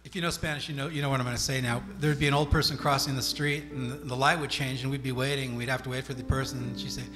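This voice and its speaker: A man speaking as pastor in a church, sharing memories softly and reflectively, with many fillers. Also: mid-range voice, flat delivery, fast. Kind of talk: eulogy-style sharing from the pulpit. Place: church sanctuary. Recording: live church stream with music behind. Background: guitar playing.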